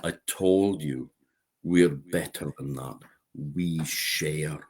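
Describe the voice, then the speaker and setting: A man's voice: extremely low pitch, slow pace, breathy edge, heavily acted. A man doing a kind firm mother. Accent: Orkney. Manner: gentle, firm.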